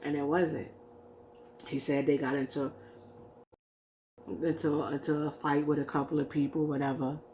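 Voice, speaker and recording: Her deep, dark voice is flat and moderately paced, with frequent pauses, and there's a little hiss or hum. She's a vlogger rambling through a personal story, packed with "like" and "you know," performing other people's quoted lines.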